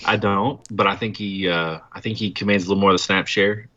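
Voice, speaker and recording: Deep bright lively man on a dull mic. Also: fairly quick. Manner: defends his picks earnestly, hesitant starts. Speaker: podcast co-host. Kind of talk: casual banter about fantasy football.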